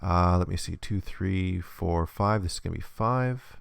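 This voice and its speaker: A man's voice: low-pitched, unhurried, gravelly, smooth, no echo. A man teaching a hands-on lesson, explaining patiently step by step. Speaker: instructor.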